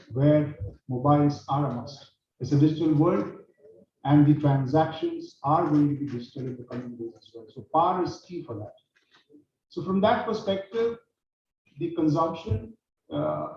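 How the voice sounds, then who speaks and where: A man giving a formal conference speech, halting with many fillers. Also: fairly high pitch. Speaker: utility executive speaker. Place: conference hall. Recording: distant echoey dull hall mic.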